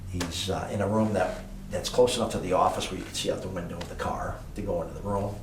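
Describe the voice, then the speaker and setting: A man's voice: deep voice, steady tone, fast talker. An older man, a former motel owner, telling rambling anecdotes as an interview guest with lots of fillers. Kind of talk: casual storytelling interview. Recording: echoey room, distant mic, faint hiss.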